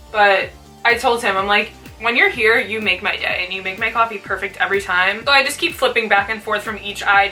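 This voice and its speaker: A woman's voice: medium pitch, bright, forceful tone, far from the mic. A young woman chatting casually while doing a makeup tutorial, peppering her talk with "like". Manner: chatty, fills speech with "like". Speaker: beauty vlogger.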